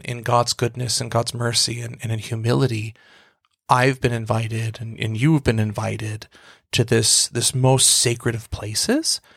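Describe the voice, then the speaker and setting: A man's voice: mid-range voice, gravelly, a bit bright, no echo, studio quality. A man, a priest co-hosting a faith podcast, telling a prayer story in a reflective, storytelling way with frequent restarts. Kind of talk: casual faith podcast conversation.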